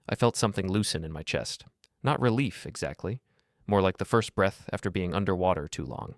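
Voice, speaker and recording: A man narrating a first-person story in a measured, earnest way. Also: deep voice, no echo, studio quality.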